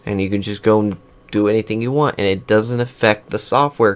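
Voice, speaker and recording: A man's voice: lowish voice, fairly quick, clean tone. Rambling man reviewing his desk mic. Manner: rambling, restarts sentences, switches mic settings while talking. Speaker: gaming channel host. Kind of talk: casual microphone review. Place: home computer room with whirring fans. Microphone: USB desk microphone, switching pickup patterns.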